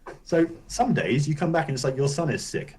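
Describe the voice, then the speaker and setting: A man's voice: fairly high pitch, lively intonation, brisk, darkish tone, low-quality recording. A man co-hosting a gaming podcast, rambling loosely through a casual chat and swearing now and then. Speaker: podcast co-host.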